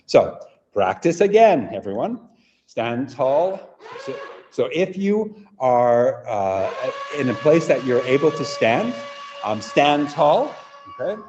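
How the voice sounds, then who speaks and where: A man running a live online workshop for teachers, energetic and demonstrative, often checking in with "right?". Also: mid-range voice, takes it slowly, big-room sound, highs cut off, a little hiss or hum. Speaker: teacher trainer.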